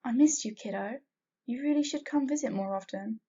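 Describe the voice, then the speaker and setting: A woman's voice: on the high side, a little fast, warm tone, husky. A woman voicing a friendly, fond uncle who jokes lightly. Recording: dull lo-fi recording.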